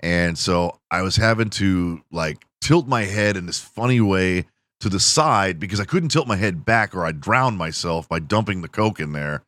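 A man's voice: deep voice, normal speed, a bit bright, no room sound. A man hosting a podcast, telling crude, self-mocking stories in a casual monologue. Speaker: podcast host.

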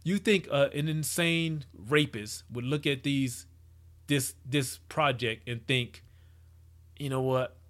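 A man with a fairly high, slightly bright voice speaks slowly as he reacts to a photo project. His commentary is casual and rambling, full of restarts and hypotheticals, and he acts out the people he quotes.

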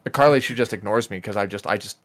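A man co-hosting a podcast over a voice call, ranting and swearing about other drivers and acting out what he'd yell at them. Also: lowish voice, quick pace. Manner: ranting, swears a lot, acts out angry quotes. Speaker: podcast co-host. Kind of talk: casual chat. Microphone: recorded over a voice call.

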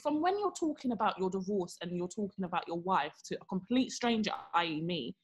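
A woman's voice: fairly low pitch, brisk, slightly rough. A young woman, co-hosting a podcast and telling a story in casual chat, acting out the people she quotes. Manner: animated, acts out quotes with exaggerated voices. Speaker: podcast co-host.

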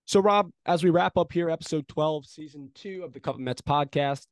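Young man, podcast co-host, animated profane storytelling, mock play-by-play calls, slightly high voice. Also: a little fast, no echo. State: arm in a sling after shoulder surgery. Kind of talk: casual sports podcast chat.

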